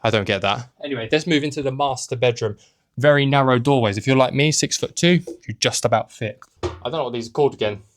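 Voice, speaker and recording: A man's voice: medium pitch, fast talker. A young man giving a casual, joking tour of a small hotel room, filmed on a handheld camera. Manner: chatty and joking, with offhand asides. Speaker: travel vlogger and host.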